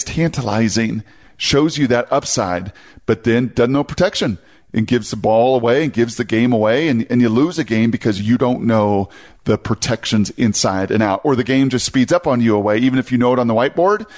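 Male sports talk analyst, fast and animated in casual chat. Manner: animated, rapid, mimics fans in a high voice.

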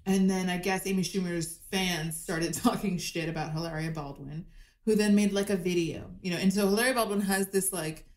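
A woman guest on a comedy podcast, talking over a video call with an animated, chatty storytelling manner full of fillers. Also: lowish voice, normal speed, roomy sound.

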